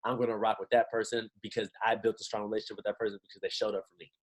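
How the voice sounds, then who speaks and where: A man giving a lively pep talk to his team on a video call, full of slang and rhetorical questions. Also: fairly low pitch, rapid-fire, noisy background. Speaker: motivational team trainer.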